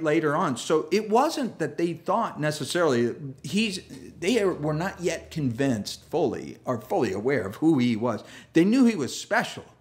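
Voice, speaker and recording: Male pastor, casual sermon, animated storyteller who slips into the characters' voices, mid-range pitch. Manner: lively storyteller, acts out quoted voices, self-deprecating humor. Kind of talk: conversational sermon.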